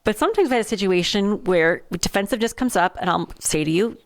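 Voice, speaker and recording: A woman's voice: medium pitch, lively intonation, quick pace, dry recording, studio quality. A woman co-hosting a podcast about marriage, reflective, often voicing quoted lines in conversation. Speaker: podcast co-host. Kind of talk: casual marriage chat.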